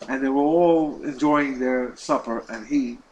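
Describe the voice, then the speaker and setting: A man teaching a class as a rabbi, telling a story with lively delivery, repeating words and acting out the quoted lines. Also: mid-range voice, measured pace, highs cut off, a little hiss or hum. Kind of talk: storytelling lesson.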